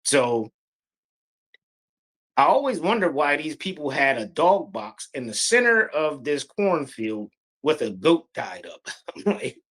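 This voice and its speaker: Man, middle-aged, animated storytelling, bright lively voice, slow deliberate delivery. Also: on the high side. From Pennsylvania, USA. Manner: breathless, halting, vivid recounting. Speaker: guest telling a true story.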